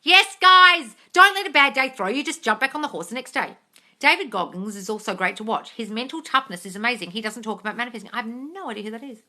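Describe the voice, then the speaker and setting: A woman's voice: fairly high pitch, animated, quick pace, bright, forceful tone. A woman on a casual live stream, reading viewer comments and answering them in a blunt, exasperated manner with a lot of swearing. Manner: reads viewer comments aloud.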